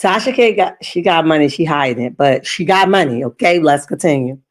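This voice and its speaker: A woman's voice: sits low, lively intonation, a little fast. A woman hosting a gossip channel, giving sassy, chatty commentary on reality TV drama. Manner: sassy, chatty asides with "okay?" and "child".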